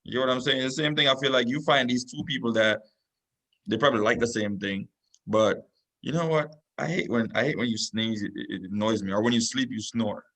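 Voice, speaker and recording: A man's voice: medium pitch, brisk, fairly bright tone. A man in casual conversation as a podcast guest, laid-back, often starting his points with "listen" and reaching for analogies. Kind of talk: casual chat.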